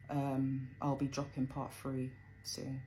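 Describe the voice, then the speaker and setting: A young woman with a London accent recounts a family story in casual, colloquial speech. Her voice sits low and deep, and she talks earnestly, with lots of "um" and "like" as she goes. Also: completely flat delivery, slow pace, dark tone, slight background noise, low-quality recording. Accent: London English. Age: young adult. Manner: colloquial, many fillers, earnest and emotional retelling.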